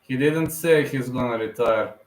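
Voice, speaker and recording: A man's voice: mid-range voice, normal speed, echoey room, low-quality recording. A man in his thirties hosting a live fight reaction stream, talking in an emotional, repetitive fan manner. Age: 30s.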